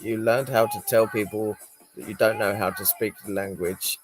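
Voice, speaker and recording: A man's voice: fairly low pitch, fairly even intonation, normal speed, over music. A man hosting a livestream, chatting casually, laughing often and reading out viewer comments. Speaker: livestream host.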